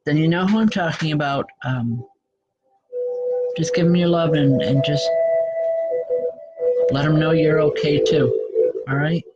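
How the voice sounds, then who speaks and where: Woman giving halting psychic readings. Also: sits low, lo-fi sound. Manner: halting, frequent restarts and self-corrections. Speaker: spiritual reader hosting a call-in show.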